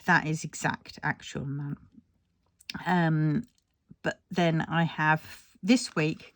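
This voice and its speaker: In a fairly low voice on a dry recording, an older woman from England talks through her budget for her vlog. She's tired and yawns, rambling along casually and poking fun at herself.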